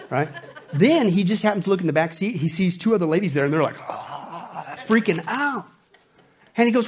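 A man preaching a sermon, animated and joking, dropping from loud bursts to hushed lines. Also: sits high, brisk, slightly rough. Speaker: pastor.

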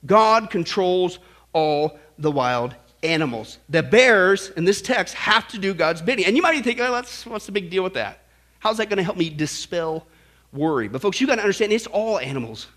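A pastor preaching a sermon in a jokey, emphatic way, rising to loud exhortations. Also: male voice, high voice.

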